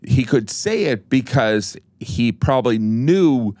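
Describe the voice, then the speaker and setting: A man's voice: medium pitch, animated, slow pace, mellow, dry recording. A man chatting as a podcast guest, rambling with many restarts and dry teasing. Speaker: guest comedian. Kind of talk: casual podcast chat.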